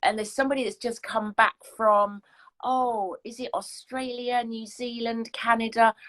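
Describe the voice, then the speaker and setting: A woman's voice: on the high side, level tone, moderate pace, a bit bright. A woman, a fitness coach chatting casually in a rambling, self-deprecating way. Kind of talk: casual chat.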